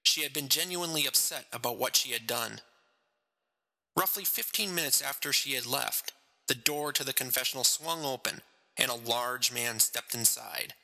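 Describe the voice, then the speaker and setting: A man reading his own short story aloud in slow, measured storybook narration. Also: mid-range voice, vocal fry, sharp tone. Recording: long reverb.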